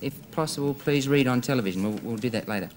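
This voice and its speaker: An Australian man reading telethon donations in a relaxed, lightly amused way. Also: mid-range voice, fast talker, a little hiss or hum. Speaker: telethon presenter.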